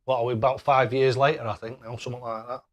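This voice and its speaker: A man's voice: medium pitch, flat delivery, fast. A man hosting a casual live stream, chatting away and thanking viewers by name with matey banter. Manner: matey banter, calls people mate.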